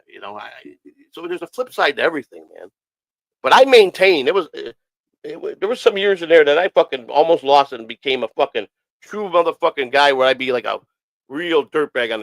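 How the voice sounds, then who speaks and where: A podcast host with a medium-pitched, gravelly and slightly bright voice casually spins rambling, profanity-laden stories on a streamed talk show, often repeating himself. The recording is dry and rough.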